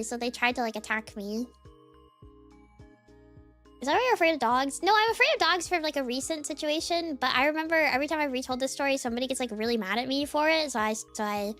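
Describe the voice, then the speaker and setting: A young woman streamer chatting casually with her viewers, rambling with lots of filler words. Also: high-pitched. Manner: rambling, many "like" fillers, lively swings. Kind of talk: casual chat with chat readers.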